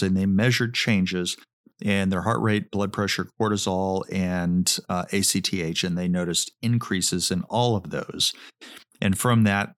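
Low-voiced guy walking through a study, methodical, dry close sound. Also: a bit bright, dry recording. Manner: methodical, casual asides. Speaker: EMS educator reviewing research. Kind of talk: lecture on research papers.

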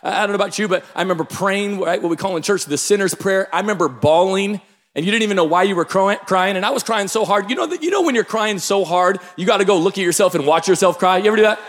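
A pastor from the Pacific Northwest preaching a sermon, telling stories with bursts of shouting. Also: male voice, sits high, quick pace. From Pacific Northwest, Tacoma, Washington. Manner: energetic storytelling, bursts of shouting. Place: large church hall. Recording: long hall reverb.

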